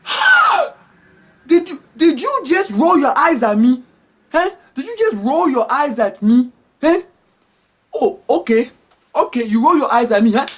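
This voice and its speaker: A man voicing a strict, quick-tempered African mother who scolds with rapid accusing questions. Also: extremely high pitch, a little hiss or hum, voice pushed up. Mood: outraged.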